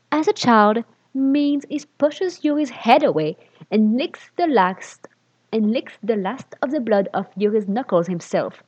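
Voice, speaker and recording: A woman's voice: mid-range voice, slightly rough. Sarcastic woman reading a story aloud. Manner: sarcastic, swears in asides, mocks the text. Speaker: reader. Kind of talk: reading fan fiction aloud with commentary. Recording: dull lo-fi recording.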